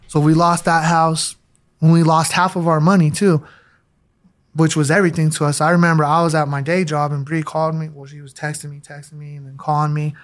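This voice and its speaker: A man from Denver, a guest on an interview show, telling his recovery story in a candid, slangy way. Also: fairly high pitch. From Denver, USA. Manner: slangy and candid, acts out quoted voices.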